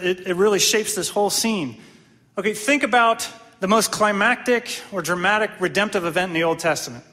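High-voiced man preaching in a reverberant hall. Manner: animated, asks the audience questions, frequent "right?". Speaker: pastor. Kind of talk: sermon.

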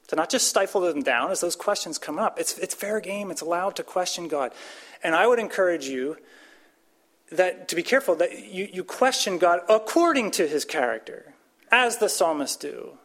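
A man giving a conversational Bible teaching, speaking casually with frequent restarts and pushing up his voice for emphasis. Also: fairly bright tone. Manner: casual, restarts and fillers, rises in pitch and volume for emphasis.

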